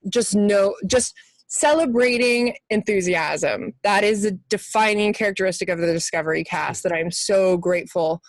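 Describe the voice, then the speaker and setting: A woman's voice: medium pitch, moderate pace, no room sound. A woman in her thirties, an actress answering conference questions, articulate and enthusiastic with frequent fillers.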